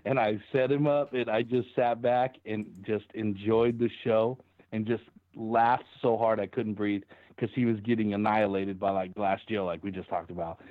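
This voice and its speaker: A man's voice: lowish voice, fairly even intonation, normal speed, dry recording. A man co-hosting a podcast in casual chat, laughing through his stories. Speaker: podcast co-host. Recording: tinny phone-like line.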